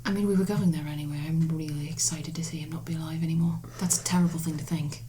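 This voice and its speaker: Gentle, probing woman role-playing. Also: low voice, fairly even intonation, quick pace. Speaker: player. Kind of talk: in-character tabletop role-play. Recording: background noise.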